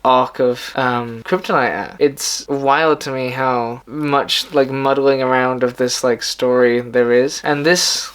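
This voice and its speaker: A male video host talking in a loose, rambling way. He retells a story casually, full of filler words and restarts. His voice sits at an ordinary middle pitch for a man. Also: steady tone, slow pace, few pauses, fairly bright tone, clear, resonant tone.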